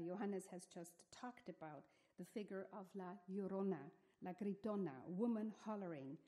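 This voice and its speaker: A woman's voice: mid-range voice, dark tone. A woman speaking at a museum symposium, giving an academic talk in a thoughtful, hesitant way with many fillers and restarts.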